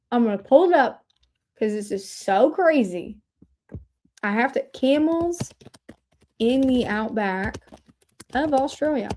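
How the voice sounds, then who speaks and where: A woman from Indiana hosting a casual livestream, bubbly and excitable, chatting straight to her viewers. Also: fairly high pitch. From Indiana, USA. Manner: bubbly, excitable, talks to chat. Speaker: livestream host.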